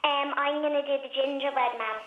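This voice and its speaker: A woman's archived childhood recording, a ten-year-old girl phoning in to a radio show with a very squeaky high voice. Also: steady tone, a little fast, narrow, tinny audio, slight background noise, natural voice. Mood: excited. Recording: echoey archive radio clip with crowd.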